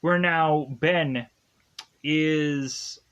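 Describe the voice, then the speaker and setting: Slow, rambling man recapping a movie. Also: a little high, fairly even intonation, a bit bright, clear, resonant tone, highs cut off. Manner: rambling, filler-heavy retelling with many "like" and "is to go on". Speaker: movie reviewer. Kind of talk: casual spoken plot recap.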